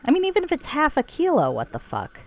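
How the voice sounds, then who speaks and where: A woman's voice: sits high, huge pitch swings, quick pace, darkish tone. A woman streamer casually chatting while playing, sweary and self-mocking, with faint game music behind her. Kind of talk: casual gameplay commentary.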